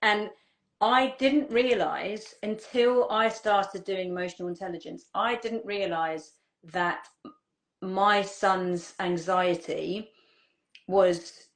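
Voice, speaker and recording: A woman hosting as a parenting coach, talking in a relaxed, halting way with frequent restarts and repeated words. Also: medium pitch. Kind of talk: casual conversational chat.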